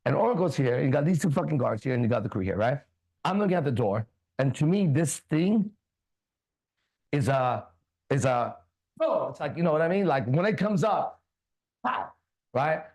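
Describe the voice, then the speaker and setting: Man, talk show host, preachy, profane, very animated delivery, fairly high voice. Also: moderate pace, pauses often. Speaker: podcast host. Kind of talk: casual chat.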